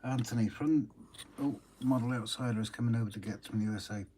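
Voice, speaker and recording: Man, mid-pitched voice, jokey casual chat, faint hiss. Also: quick pace, warm tone. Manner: jokey, easygoing. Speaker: model railway vlogger. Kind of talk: casual chat while building.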